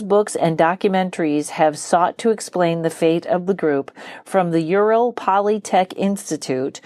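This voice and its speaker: A chatty woman hosting a podcast, reading news pieces aloud and breaking off for quick jokes. Her voice sits a little low, recorded close and dry with no room sound. The delivery is loose and conversational. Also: a little mellow, no room sound. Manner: chatty, laughs easily, reads with asides. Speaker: podcast host. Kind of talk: casual chat and reading articles aloud.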